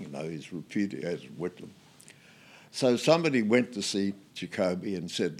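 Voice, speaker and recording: An older Australian man, a guest in an interview, telling anecdotes in a relaxed way with many fillers and restarts. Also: lowish voice, measured pace.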